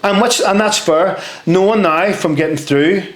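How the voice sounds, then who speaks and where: A young man, a podcast guest telling stories in casual chat, lively and swearing freely as he acts out what people said. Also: high voice, moderate pace. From Northern Ireland. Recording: roomy echo.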